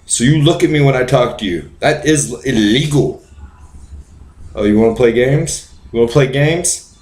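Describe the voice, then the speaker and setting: A man's voice: medium pitch, normal speed, a little mellow, close to an everyday voice. A man doing a bullying, power-drunk cop. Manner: demanding, repeats questions, threatening. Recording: roomy echo.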